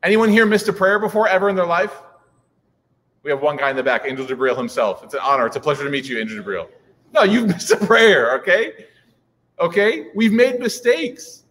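Preacher guy in his 30s, kinda high voice, super chatty and jokey, echoey hall. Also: expressive, fairly quick, fairly bright tone. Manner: chatty, joking asides, many likes and you knows. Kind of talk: humorous religious talk to an audience. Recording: reverberant hall.

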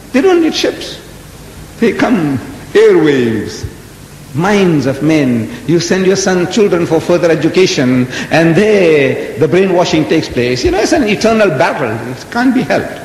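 A man in his seventies giving a religious lecture to an audience, telling a story dramatically with rhetorical questions. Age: 70s. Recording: echoey hall with faint rumble.

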